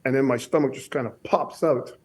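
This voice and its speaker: A man guest telling a story on a casual podcast, halting and often repeating his words. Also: medium pitch, darkish tone, breathy edge. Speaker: guest bodybuilder.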